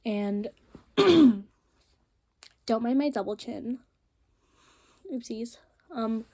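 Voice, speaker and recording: Teen girl vlogger, casual rambling rant; warm, mellow, dry close recording. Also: on the high side, lively intonation, extremely slow, long pauses, no room sound. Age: teens. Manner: chatty, rambling, frequent ums and likes. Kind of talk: casual rant while crafting.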